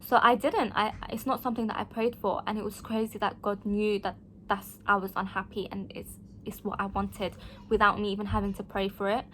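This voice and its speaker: A woman, talking casually to camera as a vlogger and telling her stories in an animated, frank way. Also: mid-range voice, a little fast, slight background noise. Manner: animated storytelling, frank and emphatic, acts out quoted voices.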